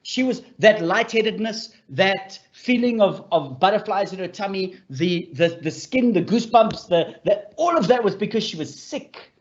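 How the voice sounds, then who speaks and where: A man with a fairly high voice gives an explanatory talk, telling stories with lively energy. He repeats his key points and calls his listeners friends. The recording sounds dull and lo-fi. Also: moderate pace, few pauses. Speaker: speaker on mental health for leaders.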